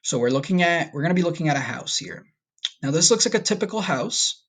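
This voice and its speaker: A man's voice: on the high side, expressive, quick pace, a bit bright. A man teaching a recorded Spanish lesson to his class, friendly and checking in often with "okay?". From United States.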